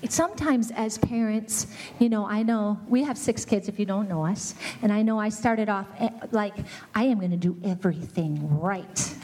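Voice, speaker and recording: A woman's voice: mid-range voice, moderate pace, dark tone. A middle-aged woman giving a family ministry talk, earnestly acting out what parents and kids say.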